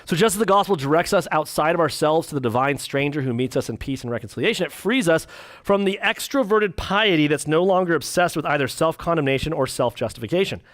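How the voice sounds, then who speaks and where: A man, a pastor, teaching a church class, reading quotes and joking between them in quick put-on voices. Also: a little high, no echo, clean studio sound. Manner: animated, jokey, acts out quick voices.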